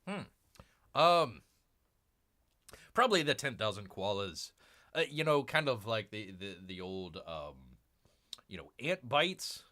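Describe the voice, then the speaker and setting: A man's voice: lowish voice, sing-song, slow pace, pauses often, sharp tone. A man hosting a casual live stream about comic books, rambling through fillers and restarts, calling himself Bear and talking to viewers as "people.". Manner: calls himself Bear in the third person; keeps addressing viewers as "people".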